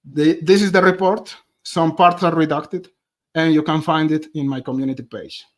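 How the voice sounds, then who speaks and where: A man's voice: a little high, steady tone, normal speed. Chatty man. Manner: chatty, addresses viewers directly as "guys". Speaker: true crime streamer. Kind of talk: live-stream commentary.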